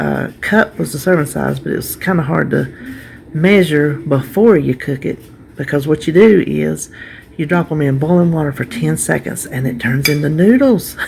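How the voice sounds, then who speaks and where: A woman's voice: low voice, creaky, slight background noise. A woman chatting casually to camera as a vlogger, talkative and heartfelt. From North Carolina, USA. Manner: chatty, warm-hearted, trails off and restarts.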